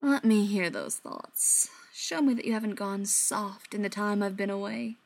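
A woman voicing a condescending male vampire elder in an audiobook, speaking in a slow, mocking drawl. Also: medium pitch, gravelly, a little mellow, lightly acted. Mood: smug.

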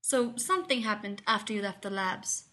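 A sly, gossipy male lab colleague, voiced by a woman narrating a story. He speaks with stiff, slightly formal phrasing, and his tone comes out bright and sharp. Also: mid-range voice, expressive, moderate pace. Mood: teasing.

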